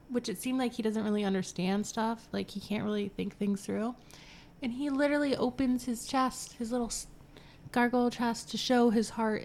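A woman's voice: on the high side, a little mellow, slight background noise. A woman co-hosting a podcast, recapping a novel in casual chat, swearing freely and acting out the characters' lines. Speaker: podcast co-host.

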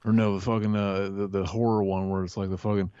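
A man chatting about movies, tripping over his words and swearing as he reaches for what he means. His voice is fairly low. It comes across dry and dull, as if on a lo-fi mic. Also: flat delivery, warm tone, clean tone, dry recording. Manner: halting, profane, stumbling restarts. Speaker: podcast co-host. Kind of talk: casual movie commentary chat.

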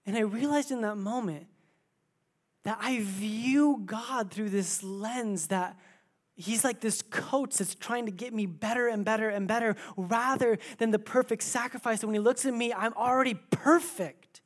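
A man in his thirties preaching a sermon as pastor, moving between quiet, intimate asides and loud, emphatic exclamations. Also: high-pitched, unhurried. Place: church.

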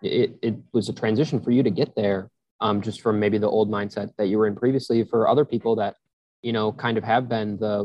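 A man's voice: fairly low pitch, little pitch movement, a little fast, no room sound. A man hosting a podcast interview, asking loosely phrased questions with frequent restarts. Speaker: podcast host. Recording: dull, slightly muffled dry audio.

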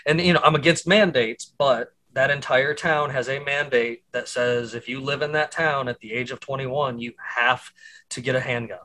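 Man host, bright tense voice, emphatic, casual swearing, chatty. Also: medium pitch, fairly even intonation, normal speed, poor audio. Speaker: podcast host. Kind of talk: casual chat.

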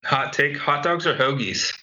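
A young man co-hosts a sports podcast, leading segments with joking, casual chat and many ums. His voice is medium-pitched and sharp, at normal speed. It's a dull, lo-fi home recording made over a call.

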